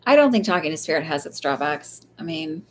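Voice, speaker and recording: A woman's voice: low voice, animated, brisk, a little hiss or hum. A woman speaking as a psychic medium in a casual live reading, chatty and loose, full of fillers and the odd swear.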